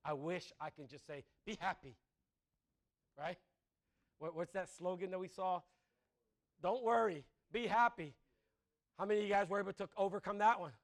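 A man's voice: sits high, normal speed, pauses often. A man preaching a sermon in a conversational way, asking the congregation questions and laughing at his own jokes.

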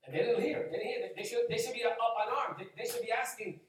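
A man's voice: very high voice, fast, few pauses. A man preaching a sermon in a conversational way, repeating phrases and acting out people's reactions. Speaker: pastor. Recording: echoey hall, distant mic.

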